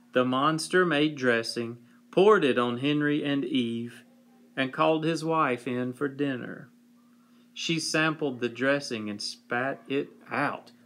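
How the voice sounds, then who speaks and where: Unhurried man reading a picture book. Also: mid-range voice, steady tone, a bit bright. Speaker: storybook reader.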